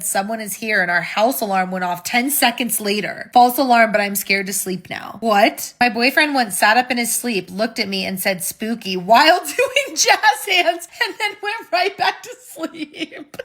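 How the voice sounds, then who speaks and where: A woman's voice: fairly high pitch, fairly bright tone. A young woman reading funny, spooky sleep-talking stories aloud and laughing often as she goes. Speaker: short-video creator reading viewer comments.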